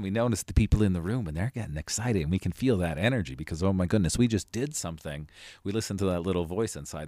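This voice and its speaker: A man hosting a motivational podcast as a life coach, talking earnestly and building to emphatic, animated delivery. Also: low-pitched, dry recording, studio quality.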